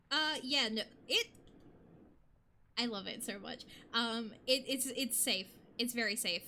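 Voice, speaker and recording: A woman's voice: fairly high pitch, bright, forceful tone, slight background noise. A young adult woman streamer chatting casually with her viewers, bubbly and rambling, often laughing.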